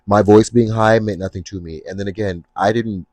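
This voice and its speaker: A young adult man hosting his own podcast, talking casually and with sass in a deep voice. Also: a little fast, no echo. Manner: sassy, expressive, slips into playful put-on voices when retelling scenes. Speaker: podcast host. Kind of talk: casual solo podcast talk.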